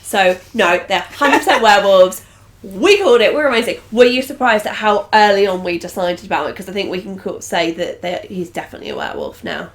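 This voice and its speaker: A woman's voice: mid-range voice, fairly quick. A woman co-hosting a TV reaction show, eagerly spinning theories about the plot. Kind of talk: casual chat reacting to a TV episode.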